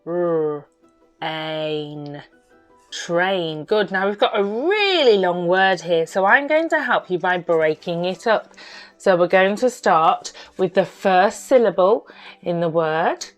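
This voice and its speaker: A woman teaching a phonics lesson to young children, sounding out words slowly and praising each step. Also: mid-range voice, sing-song, soft background music. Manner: slow, exaggerated sounding-out of words; bright, encouraging praise.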